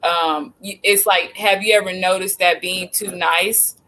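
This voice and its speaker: A woman's voice: on the low side, fairly even intonation, unhurried, bright, forceful tone, rough recording. A woman in casual chat, hesitant and full of fillers while explaining something.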